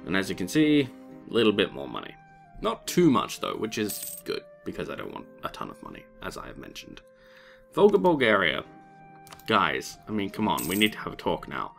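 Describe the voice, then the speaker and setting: A man's voice: on the low side, huge pitch swings, fairly quick, creaky, over music. A man casually commenting on a strategy game he is playing, wry and rambling with sarcastic asides. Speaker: let's play host.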